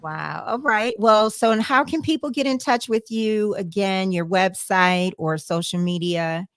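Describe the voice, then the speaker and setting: A woman's voice: medium pitch, a little slow, fairly bright tone, smooth, no room sound, studio quality. A woman hosting a podcast, interviewing a guest in a casual, encouraging and affirming way. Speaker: podcast host.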